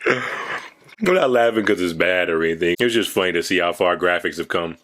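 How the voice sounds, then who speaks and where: A man's voice: low-pitched, animated, brisk, crowd noise. A man hosting a movie reaction video, chatting casually with slang and frequent laughs. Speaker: host.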